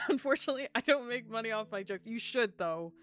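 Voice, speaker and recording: A woman streaming a game live, talking to her chat in an excitable, gushing way, laughing often and swearing casually. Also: fairly high pitch, fairly quick, faint music behind.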